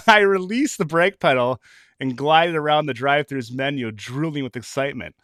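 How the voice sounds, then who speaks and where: A man reading a comic story aloud in a mock-dramatic, animated way, laughing often. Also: fairly high pitch, moderate pace, dry recording, clean studio sound. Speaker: reader of comic stories.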